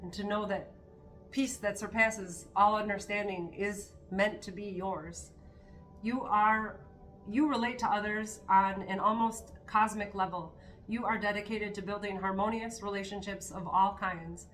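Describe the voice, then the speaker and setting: A woman's voice: medium pitch, steady tone, unhurried, fairly bright tone, faint music behind. A woman giving a spiritual card reading to her viewers, talking in an earnest, encouraging way with spontaneous asides. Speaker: tarot card reader.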